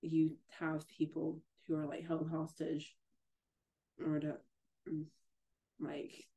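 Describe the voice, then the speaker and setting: A woman co-hosting a casual book podcast, talking haltingly with many fillers. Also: low-pitched, completely flat delivery, warm tone, slightly rough. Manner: halting, full of "like" and restarts. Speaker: podcast co-host.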